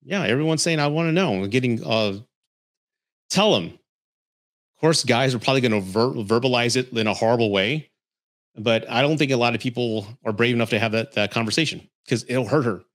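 Guy hosting a podcast, blunt and real, swears a bit, mid pitch, just chatting and reading comments. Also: moderate pace, a bit bright. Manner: blunt, candid advice with mild swearing. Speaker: podcast host. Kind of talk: casual livestream chat reading comments.

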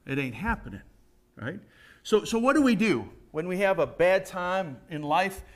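A middle-aged man gives a conversational sermon in a slightly high voice. He is folksy and emphatic and keeps turning to the congregation with questions, like a preacher who knows every face in the pews. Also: animated, moderate pace.

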